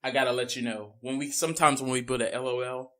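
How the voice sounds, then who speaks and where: A man co-hosting a casual podcast, talking in an animated way, laughing often and slipping into goofy impressions. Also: mid-range voice, quick pace. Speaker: podcast co-host.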